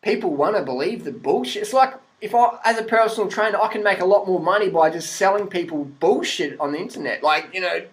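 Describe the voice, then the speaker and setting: A man with a high-pitched voice and an Australian accent rants straight to camera in a casual vlog. He is blunt and sarcastic, swears freely and laughs often. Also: lively intonation, a little fast, hardly any pauses, poor audio. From Adelaide, South Australia. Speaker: vlogger. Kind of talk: profane rant-style commentary.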